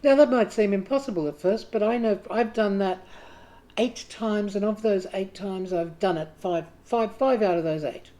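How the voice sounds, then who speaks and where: A woman's voice: mid-range voice, moderate pace, warm tone. A woman hosting a writing group, talking casually and chattily to the camera with self-deprecating asides. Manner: chatty, self-deprecating, acts out quoted inner voices.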